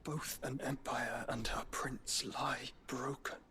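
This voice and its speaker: A man's voice: mid-range voice, little pitch movement, takes it slowly, sharp tone, a little hiss or hum. An actor playing an earnest young nobleman who speaks in formal, old-fashioned phrasing in video game dialogue. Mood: grave. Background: game music.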